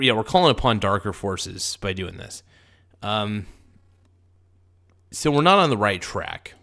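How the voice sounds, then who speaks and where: A man's voice: on the low side, a bit bright. A man hosting a casual livestream, rambling and chuckling in a loose, jokey way. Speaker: livestream host.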